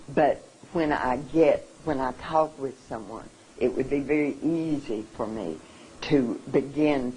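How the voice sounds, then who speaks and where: Seminar speaker, mid pitch, very slow, openly emotional and halting delivery. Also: darkish tone, slight background noise, low-quality recording. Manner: halting and earnest, often restarting. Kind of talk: emotional public talk. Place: seminar room.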